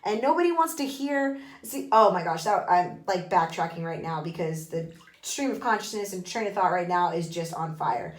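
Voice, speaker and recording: A woman's voice: fairly low pitch, expressive, moderate pace, echoey room. A woman hosting a casual book podcast from her bathtub, rambling and emphatic, with frequent swearing. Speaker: podcast host. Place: bathroom, in a bathtub.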